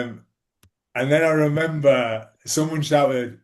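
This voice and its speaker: Telling stories as an interview guest, this ex-rugby league player speaks at a moderate pace in a steady, mid-range, darkish voice. His casual telling wanders, full of fillers and false starts.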